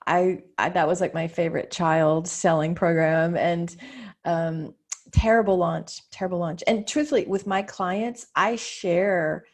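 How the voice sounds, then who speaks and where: A woman's voice: fairly low pitch, steady tone, a little slow, darkish tone. A woman business coach, a guest, telling her own ups and downs frankly and with animation, voicing her own inner thoughts as she goes. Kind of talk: candid conversational storytelling.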